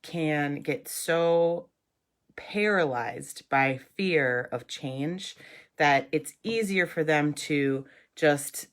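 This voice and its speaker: A woman's voice: low-pitched, unhurried. A woman hosting her own live stream, talking casually and reflectively, with a nasal voice from a cold and many ums and restarts.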